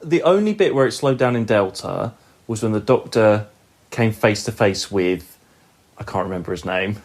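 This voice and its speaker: Easygoing podcast co-host, lively pitch. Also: normal speed. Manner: easygoing, laughs often. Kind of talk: casual chat reviewing a TV episode. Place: recorded together in the same room.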